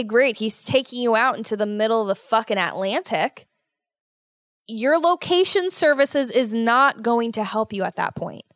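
A woman hosting a casual solo podcast, talking in an animated, worried, motherly way and exaggerating her fears. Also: fairly high pitch, dry recording, clean studio sound. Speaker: podcast host.

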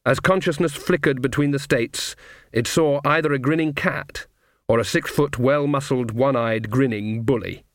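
A man narrating a comic fantasy audiobook in measured scripted narration. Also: medium pitch, fairly bright tone, no echo, studio quality.

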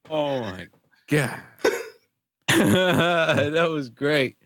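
A man's voice: a little high, lively intonation, very slow, a bit bright, no room sound. A young man co-hosting a casual chat, laughing often and joking in slang.

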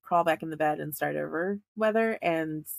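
A woman co-hosting a podcast in casual chat, animated and quick to laugh as she tells stories. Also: deep voice, vocal fry, dry recording. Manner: chatty, laughs often, animated storytelling. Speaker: podcast co-host.

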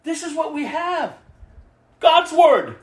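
A woman's voice: high voice, animated, slow pace. A woman preaching a sermon with passion, repeating phrases and acting out the voices of people she quotes. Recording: echoey room.

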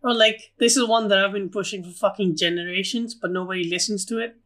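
Bright, crisp podcast co-host. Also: medium pitch, steady tone, brisk. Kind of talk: casual chat.

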